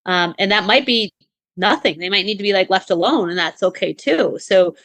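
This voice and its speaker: A woman's voice: medium pitch, moderate pace, a bit bright, no room sound. Chatty woman podcast co-host, dry sound. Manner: chatty, frequent fillers and restarts. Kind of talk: casual advice chat.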